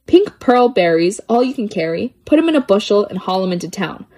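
Woman, children's poetry reading, lilting playful rhythm, mid-pitched voice. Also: very animated, a little fast, warm tone. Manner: lilting, playful sing-song delivery. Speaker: poetry reader. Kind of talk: reading children's poems aloud.

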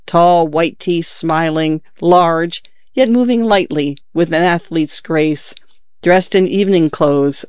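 A man reads a literary short story aloud with measured, even delivery. His voice sits slightly high for a man. The recording is dry, close and a little muffled. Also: smooth, dry recording. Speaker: narrator. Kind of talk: audiobook narration of a literary story.

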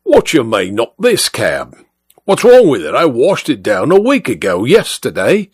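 A man's voice: medium pitch, wildly swooping pitch, a little slow, darkish tone, slightly rough, dry recording, exaggerated voice. A man voicing an indignant working-class male cab driver who sounds defensive and put-upon, in a dry close recording.

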